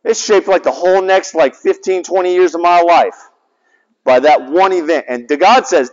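A man in his forties, a chaplain giving a sermon, telling a story with big swings between loud and soft. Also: high-pitched, moderate pace. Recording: dull sound with long hall reverb.

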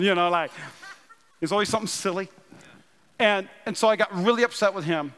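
A man in his thirties from North Dakota, preaching a sermon with animated storytelling and self-deprecating humor. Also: high-pitched, a little fast, long pauses, smooth. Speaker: pastor. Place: large church auditorium. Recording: long hall reverb.

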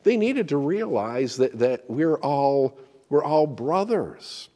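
A man's voice: fairly high pitch, very animated, takes it slowly, mellow, long reverb tail. A man preaching a sermon as pastor, emphatic and often repeating words as he restarts.

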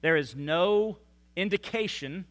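Pastor, male, fairly high voice, delivers a sermon with swelling emphasis and drops. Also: lively intonation. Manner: emphatic preaching, rising and falling loudness, slow stressed quotes. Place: church sanctuary.

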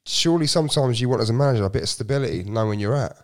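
A man in casual football podcast chat, animated and repeating himself as he argues his view. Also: medium pitch, racing.

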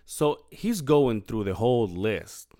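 A middle-aged man co-hosting a podcast tells a story in casual chat, animatedly acting out quotes and swearing freely. He has a medium-pitched morning voice, speaks slowly, and clears his throat.

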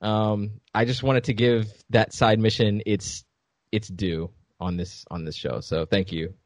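A man's voice: on the low side, steady tone, measured pace, no echo. A man on a podcast in casual chat, animatedly retelling a game scene and acting out the characters' lines. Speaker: podcast co-host.

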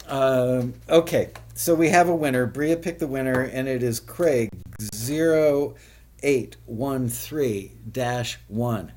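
A man hosting a live web show, chatting casually with viewers, often laughing and spelling things out slowly. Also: medium pitch, a little mellow.

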